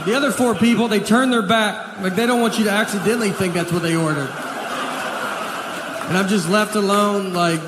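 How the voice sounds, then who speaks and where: Deadpan man telling stand-up stories. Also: sits high, moderate pace, background noise. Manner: deadpan, self-deprecating storytelling. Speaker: stand-up comedian. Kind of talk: stand-up comedy set. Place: theater stage before an audience. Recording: echoey hall, live audience laughter.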